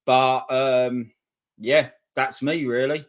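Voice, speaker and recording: A man's voice: mid-range voice, steady tone, slow. Easygoing man telling a football story. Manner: easygoing storyteller, teasing banter. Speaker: livestream co-host. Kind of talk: casual football chat.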